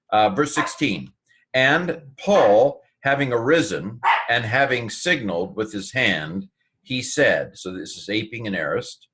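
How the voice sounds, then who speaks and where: Low-voiced male teacher, thinks aloud with lots of ums and restarts. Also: a bit bright. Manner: halting, full of fillers and restarts, thinks aloud. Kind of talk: informal Greek lesson.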